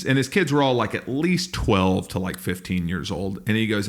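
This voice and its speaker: A man's voice: mid-range voice, lively intonation, a little fast, hardly any pauses. A man co-hosting a comedy podcast, telling stories in casual chat and acting out bits of dialogue. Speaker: podcast co-host.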